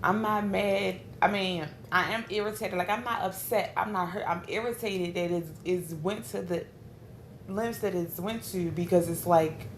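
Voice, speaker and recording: A woman's voice: fairly low pitch, moderate pace. A woman rants bluntly to her livestream viewers. Her profane delivery rambles and restarts as she talks, and a faint background noise runs under her voice. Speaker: livestream host. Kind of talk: casual livestream rant.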